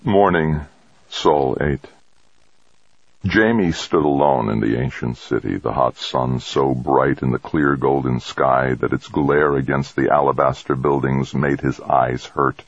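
A man reading a novel aloud in a measured, steady narration. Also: a bass voice, no room sound, lo-fi sound. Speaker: audiobook narrator.

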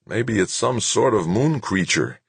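A man's voice: medium pitch, huge pitch swings, unhurried, creaky, slightly rough, no echo, voice pushed up, full character voice. A man voicing a frightened male sergeant who speaks in a hollow, deferential way. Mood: uneasy. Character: scared male sergeant in spacesuit.

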